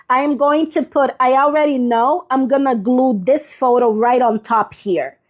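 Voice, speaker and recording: A woman hosting a live journaling stream, chatting casually as she shows her pages and answers viewers by name, a little sniffly. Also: high voice. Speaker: journaling livestream host. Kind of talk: casual live craft demonstration.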